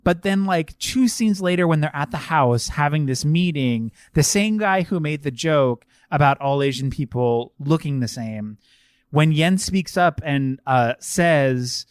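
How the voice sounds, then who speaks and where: A man co-hosts a casual film podcast, and his voice sits fairly high for a man. He talks in an animated, riffing way and breaks into laughter as he mocks things. The mic is close, with a dry sound. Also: a little slow, smooth, no echo. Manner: animated, laughing, mocking put-on accents. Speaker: podcast co-host. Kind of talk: casual film-review chat.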